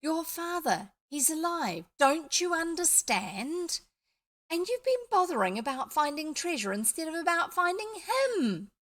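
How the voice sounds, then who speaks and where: A woman's voice: on the high side, animated, normal speed. Woman playing a bold scornful boy. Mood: urgent. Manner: confident, scornful.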